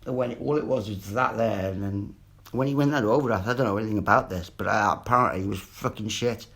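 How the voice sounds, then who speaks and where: Gravelly, husky man ranting. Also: lowish voice, fast, a bit bright. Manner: agitated, sweary, repeats himself. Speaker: vlogger. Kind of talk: rambling monologue.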